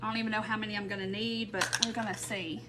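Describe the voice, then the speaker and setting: A woman's voice: medium pitch, flat delivery, fast, very noisy. A woman hosting a live craft stream, rambling and thinking aloud as she works and greets viewers by name. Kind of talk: casual craft tutorial chat. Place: home craft room.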